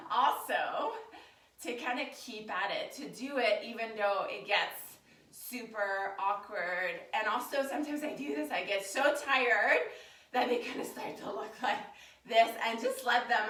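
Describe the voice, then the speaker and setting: A woman's voice: on the high side, a bit bright. A woman leading a live yoga class in a chatty, casual way, stuffed up from allergies. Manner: casual, chatty, laughs often. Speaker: yoga teacher. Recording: roomy, from a distance.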